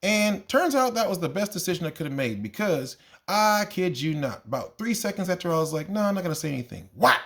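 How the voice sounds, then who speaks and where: A man who teaches kindergarten, telling funny stories from his class in a casual, exasperated, animated way and jumping up in pitch when he quotes himself. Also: brisk, few pauses. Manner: animated, exasperated, jumps into high voices when quoting himself. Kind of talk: casual storytelling monologue.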